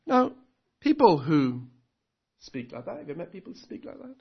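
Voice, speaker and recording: A man's voice: on the high side, sing-song, normal speed, creaky, breathy edge, muffled recording. A man preaching a sermon earnestly, putting rhetorical questions to his congregation.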